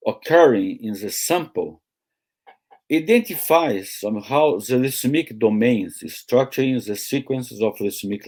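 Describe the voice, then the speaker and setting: Slow, halting male lecturer. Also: medium pitch, darkish tone, slightly rough. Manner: slow, halting, with many pauses and fillers. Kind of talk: academic lecture. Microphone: video call.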